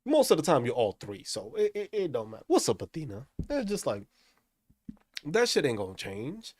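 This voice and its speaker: A man rants angrily into the mic, swearing constantly and mocking the people he talks about. His voice sits a little high and swings widely up and down. The sound is dry and close, with no room echo. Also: huge pitch swings, normal speed, darkish tone. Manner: angry, profane, mocking. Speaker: host. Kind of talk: profane ranting commentary.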